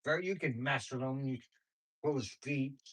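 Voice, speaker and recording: Rambling stories, slang, and frequent laughter fill this man's casual livestream chat with his viewers. He has a mid-range voice at normal speed, recorded in low quality.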